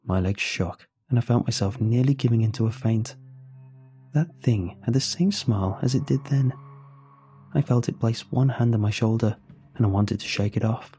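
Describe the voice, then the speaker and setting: A man narrates a first-person horror story in a measured, tense way. His voice is warm and mellow at a middle pitch, and soft music plays faintly beneath it.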